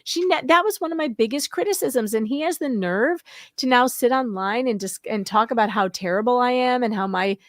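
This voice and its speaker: A woman's voice: fairly high pitch, brisk, no room sound, studio quality. A woman guesting on a livestream in casual commentary chat, blunt and sarcastic. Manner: blunt, sarcastic, exclaims often. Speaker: co-host guest.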